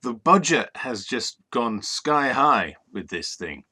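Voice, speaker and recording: Bright, lively joking man co-hosting. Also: medium pitch, takes it slowly. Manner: playful, joking, trails off with fillers. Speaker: co-host. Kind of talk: casual live-stream chat.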